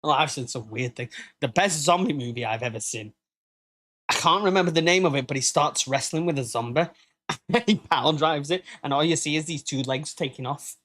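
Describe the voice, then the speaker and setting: A man's voice: brisk, a bit bright. Jokey man hosting a live podcast. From United Kingdom. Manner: jokey, laughing, breaks into silly high-pitched quoted voices and singing. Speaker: podcast host. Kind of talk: casual live podcast chat.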